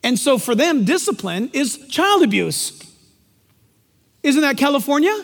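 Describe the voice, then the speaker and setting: A male pastor preaching with a very high voice and lively, swooping pitch, joking and hammering his points home. His voice carries a long reverb through a large church sanctuary. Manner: animated, jokey, emphatic. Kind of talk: sermon.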